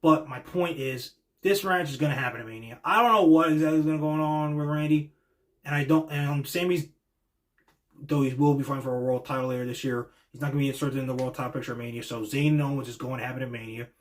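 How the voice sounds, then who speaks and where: A man's voice: medium pitch, steady tone, fast. A man hosting a show, talking through wrestling predictions in a rambling, opinionated way with lots of fillers. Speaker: podcast host. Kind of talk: casual wrestling reaction monologue.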